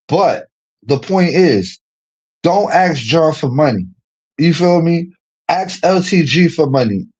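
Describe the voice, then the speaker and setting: A man, ranting in casual livestream chat, slangy and animated, laughing often. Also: on the high side, breathy edge, dull audio. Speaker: streamer.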